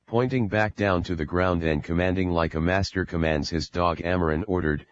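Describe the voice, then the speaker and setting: A man reading an audiobook as narrator, in a steady, measured way. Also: low-pitched, dry recording, dull audio. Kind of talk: scripted narration.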